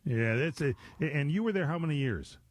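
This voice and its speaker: A man's voice: on the high side, lively intonation, moderate pace, a little hiss or hum. A man hosting a local radio interview, talking in a chatty, rambling way with lots of restarts. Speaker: radio show host.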